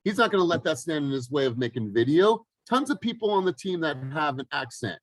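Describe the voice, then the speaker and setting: A man's voice: fairly high pitch, expressive, a little fast, dry recording. A man hosting a team video call, blunt and encouraging, with casual swearing. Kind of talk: motivational team talk.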